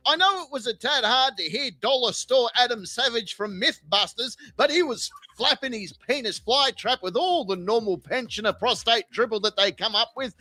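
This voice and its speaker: A man narrates in a crude, mocking tone, his voice pitched very high and swinging through a wide range. The sound is dry and close to the mic. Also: lively intonation, moderate pace, hardly any pauses, bright, forceful tone, no room sound. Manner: profane, sneering, sarcastic. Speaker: video narrator. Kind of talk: scripted mocking commentary.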